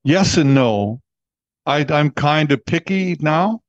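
A man in his seventies with an American accent, a radio disc jockey telling stories in a relaxed interview, chatty and laughing often. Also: on the high side, slow pace, no echo, dull audio. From Texas, USA. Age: 70s. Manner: chatty, laughs often, acts out quoted voices.

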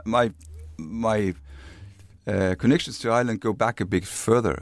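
A man's voice: on the low side, dry recording. A German man in his fifties with a German accent, chatting as an interview guest, friendly and thoughtful, repeating words as he searches for them. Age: 50s. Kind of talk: casual interview chat.

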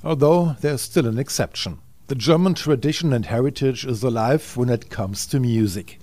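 A man giving scripted documentary narration in a measured, lightly wry manner. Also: mid-range voice, a little mellow, no echo.

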